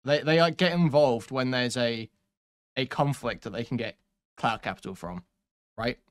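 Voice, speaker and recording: A man's voice: medium pitch, moderate pace. A man commenting on clips during a stream, sarcastic and mocking, swearing often.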